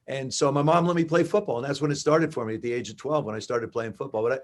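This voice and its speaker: A man in his seventies from New Jersey, a guest in an interview, telling animated stories and acting out dialogue. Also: mid-range voice, fast. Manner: animated anecdotes with acted-out dialogue. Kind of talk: conversational storytelling.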